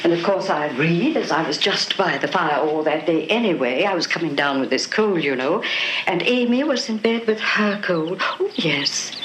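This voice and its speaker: An actress playing a fussy, chatty older English spinster in a 1980s film, with an old-Hollywood mock-British accent. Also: female voice, fairly low pitch, animated, normal speed, fairly bright tone, poor audio. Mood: gossipy.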